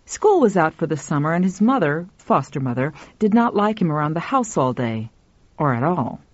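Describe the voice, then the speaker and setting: A woman narrating a short story in a measured, expressive reading. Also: low-pitched, dry recording. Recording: dull dry recording with faint music.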